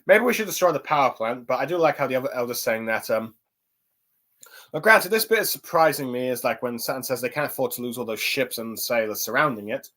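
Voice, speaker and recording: A man's voice: medium pitch, fairly quick, bright, forceful tone. Rambling young man reviewing comics. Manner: rambling, many fillers and restarts. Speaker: anime and manga reviewer. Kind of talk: casual spoken review.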